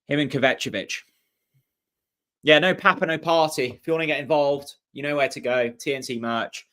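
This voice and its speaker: A young man from talks through a live football match for his viewers. He chats and reacts excitedly, drops in the odd swear word, and speaks in an ordinary mid-range voice. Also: mid-range voice, moderate pace. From Norfolk, England. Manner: chatty, excitable, swears casually. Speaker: host of a fan channel watchalong. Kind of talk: casual live commentary and chat with viewers.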